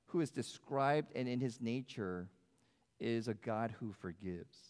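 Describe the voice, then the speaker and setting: A pastor with a medium-pitched, darkish voice preaches a sermon in a reverberant church sanctuary marked by long hall reverb. His manner is conversational, and he asks the congregation questions.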